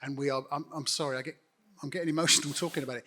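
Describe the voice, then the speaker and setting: A middle-aged man with a voice that sits a little high for a man. He addresses a congregation as a guest leader, earnest and direct, appealing to them to act. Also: steady tone, very fast, sharp tone. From United Kingdom. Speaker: guest church network leader. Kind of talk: on-stage interview speaking to a congregation.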